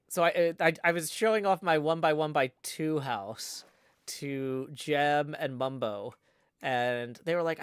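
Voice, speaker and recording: A man's voice: on the high side, fairly bright tone, clean tone, no room sound, studio quality. Rambling, playful male streamer. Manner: rambling and playful, many restarts. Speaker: livestreaming gamer. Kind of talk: casual livestream chat.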